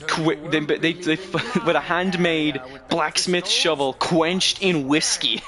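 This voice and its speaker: A man's voice: a little high, steady tone, takes it slowly, a crowd in the background. A man streaming a game, rambling through casual commentary with frequent swearing and self-corrections.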